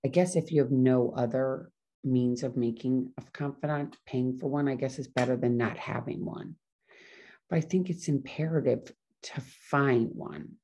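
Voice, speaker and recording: A middle-aged woman talking fast and casually in a solo podcast monologue, often correcting herself as she goes. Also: very deep voice, dark tone, lo-fi sound. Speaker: podcast host.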